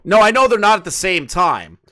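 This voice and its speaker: A man's voice: high-pitched, animated, brisk, sharp tone. A man in his late twenties hosting casual commentary, reading messages aloud and mocking them with incredulous, profane asides. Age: late 20s. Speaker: commentary host.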